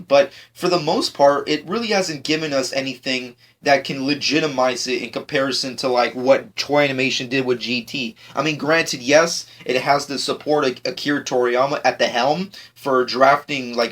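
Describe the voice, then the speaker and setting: A man with a somewhat high voice gives a casual spoken review of an anime episode. He sounds tired, like it's early morning. He is critical and opinionated, and he keeps falling back on stock phrases. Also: fairly bright tone. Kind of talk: casual video review monologue.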